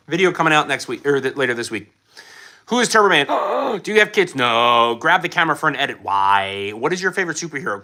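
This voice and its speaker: Animated young man hosting a live stream. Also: on the high side. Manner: reads viewer questions aloud and answers with many ums and uhs. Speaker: livestream host answering chat questions. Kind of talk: casual live-stream chat.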